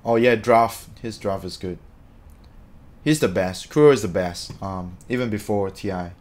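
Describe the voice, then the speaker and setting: A man chatting casually on a live stream, reading out viewer comments in an excitable, talkative way. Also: fairly low pitch, moderate pace.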